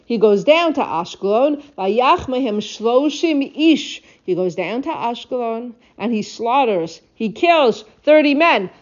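A woman teaching a text study lesson, reading verses, translating them and retelling the story with expressive asides to her listeners. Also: a little high. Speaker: Bible teacher. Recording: dull lo-fi audio.

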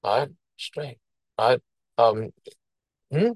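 A man's voice: medium pitch, drawn-out words, breathy edge, no room sound, low-quality recording. A man with a who teaches a text line by line, each phrase and then explaining it in plain English. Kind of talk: reading and translating a Hebrew text line by line.

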